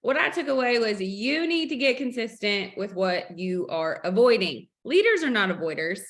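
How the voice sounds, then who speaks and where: A woman's voice: medium pitch, big pitch swings, normal speed. A woman hosting a sales team video call, upbeat and preachy, acting out family stories as she motivates her team.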